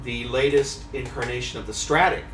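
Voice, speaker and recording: A man chatting casually as a fishing magazine editor at a trade show, talking in a relaxed storytelling way with hesitant pauses. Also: medium pitch, a little hiss or hum. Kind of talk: casual chat. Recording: echoey, distant mic.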